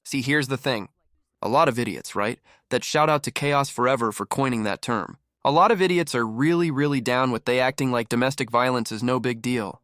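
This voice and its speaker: A man hosting a commentary channel, talking in a mocking, animated way and acting out quotes. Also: mid-range voice, brisk, no room sound, studio quality. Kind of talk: reactive commentary.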